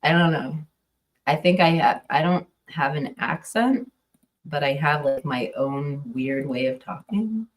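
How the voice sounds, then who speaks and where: A woman's voice: low voice, measured pace, far from the mic. A woman commenting casually on a livestream, hesitant and full of fillers and restarts. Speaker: true crime streamer.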